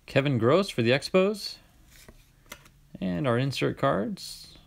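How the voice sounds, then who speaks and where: A man's voice: mid-range voice, slow, gravelly. Chatty man opening cards. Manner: chatty, reads names aloud, bursts of excitement. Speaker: card-collecting channel host. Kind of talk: casual card-opening commentary.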